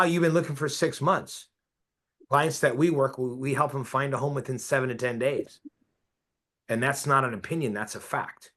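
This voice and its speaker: A man coaching a group of real estate agents, talking emphatically and pressing his listeners with questions for agreement. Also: mid-range voice.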